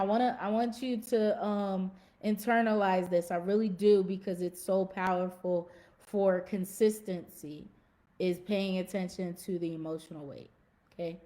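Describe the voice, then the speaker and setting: A woman with a lowish, steady, warm voice speaks unhurriedly as host of a fitness podcast and fitness coach. She gives casual, emphatic motivational talk to a live audience, repeating key phrases and using folksy slang.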